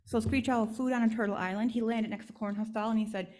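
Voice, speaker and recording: A woman's voice: fairly high pitch, steady tone, fast talker, hardly any pauses, dark tone. A woman speaker at a church service, telling a traditional legend in an instructive, storytelling way.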